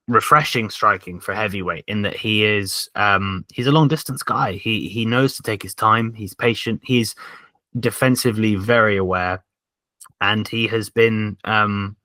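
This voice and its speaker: A man co-hosting a podcast in casual chat, hedging a lot and filling pauses with "like" and "um". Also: on the low side, sharp tone, no room sound. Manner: hedging, filler-heavy talk with many likes and ums. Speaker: podcast co-host.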